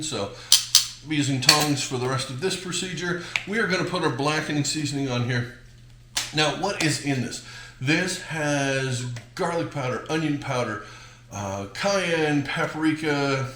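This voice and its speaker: A man's voice: a little high, fairly bright tone, slight background noise. Male home-cooking host, casual demo delivery, wisecracking asides, echoey room sound. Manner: jokey, rambling, chatty asides.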